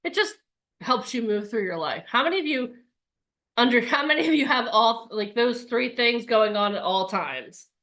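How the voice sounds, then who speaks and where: Chatty woman running a live zoom bootcamp, bright and a bit high, hams up little voices. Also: animated, moderate pace. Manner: upbeat, chatty, acts out voices of inner thoughts. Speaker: bootcamp coach. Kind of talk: live online workshop talk.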